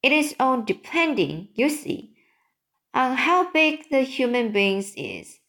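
A big, kindly male giant who stumbles through jumbled grammar and invented words, read by a woman. His voice sits fairly high and moves at an unhurried pace. He sounds like a character in a storybook read aloud. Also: sing-song, a bit bright, heavily acted. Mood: muddled.

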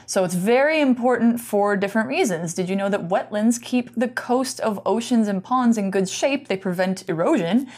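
A woman's voice: medium pitch, normal speed, hardly any pauses, darkish tone. A woman teaching English vocabulary, explaining patiently with casual fillers. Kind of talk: explaining vocabulary in a bilingual lesson.

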